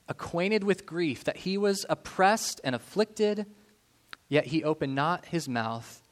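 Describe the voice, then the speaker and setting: A male pastor delivers a sermon in a fairly high voice. He is animated, acting out voices when he tells a story, and he sinks low and soft on the solemn points.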